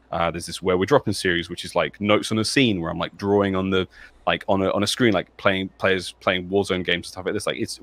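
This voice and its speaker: Male caster, low voice, quick, rambling, enthusiastic delivery. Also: no room sound. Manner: excitable, rambling, lots of fillers. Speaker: esports caster. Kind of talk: casual chat.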